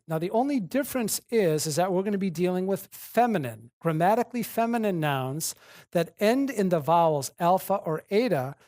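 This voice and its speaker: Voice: medium pitch, dry recording, studio quality. A teacher giving an evening lecture on Greek grammar, methodically spelling out and repeating word paradigms. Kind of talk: classroom lecture.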